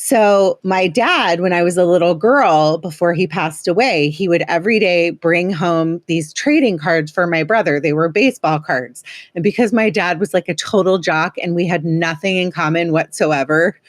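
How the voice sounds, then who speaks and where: A woman's voice: lowish voice, moderate pace, no echo. A woman, hosting a podcast in casual, joking chat. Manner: chatty, joking and sarcastic. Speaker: podcast host.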